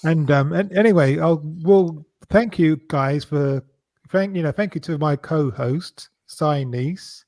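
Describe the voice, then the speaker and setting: A man's voice: fairly high pitch, darkish tone. A man hosting a casual online panel chat, hesitant and full of ums. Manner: slow, hesitant, many ums. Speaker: show host.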